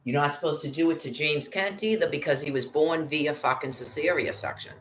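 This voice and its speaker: A woman's voice: low-pitched, brisk, a little hiss or hum. A woman in an agitated, profanity-filled angry monologue to camera. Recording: roomy echo.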